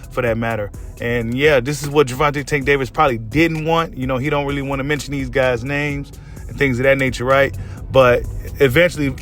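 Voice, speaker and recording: A man's voice: medium pitch, a bit bright. A man hosting a boxing talk video, giving casual commentary to camera and often repeating and rephrasing his points. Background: background music.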